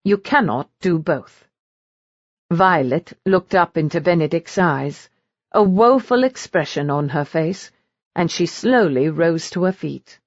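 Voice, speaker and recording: A woman narrates a romance audiobook in a measured, storytelling way. Her voice sits low but swings widely in pitch. The recording is dry and slightly dull. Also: animated, no echo.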